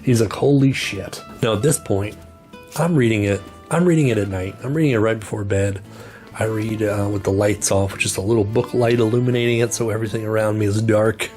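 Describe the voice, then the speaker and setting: A man's voice: on the low side, fairly quick, soft background music. Casual swearing man retelling a book. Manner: animated, swears, acts out lines. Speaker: book reviewer.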